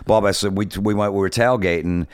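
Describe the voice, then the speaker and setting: A man's voice: on the low side, fairly even intonation, fairly quick, clear, resonant tone, no room sound, studio quality. A middle-aged man, a comedian guest, telling prank stories in a blunt, laid-back way. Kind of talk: casual comedic storytelling chat.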